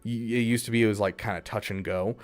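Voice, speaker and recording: A man's voice: lowish voice, fairly even intonation, quick pace. A man streaming live, chatting casually with his viewers, rambling, restarting his sentences and laughing often. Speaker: streamer reading chat.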